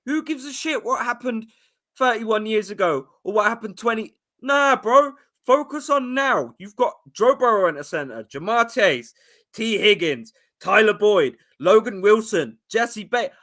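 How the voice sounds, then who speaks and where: A brash man with a Boston accent rants about football in loose, profane chat. His voice sits high, and the tone is bright and sharp. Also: expressive, measured pace. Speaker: guest. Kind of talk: casual sports chat.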